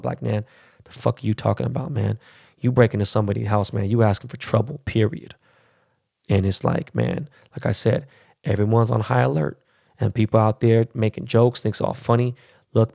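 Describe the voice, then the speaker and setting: A man's voice: mid-range voice, vocal fry, a little mellow, no room sound, studio quality. A middle-aged man hosting a podcast, talking in a blunt, profane, rambling monologue full of street slang. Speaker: podcast host.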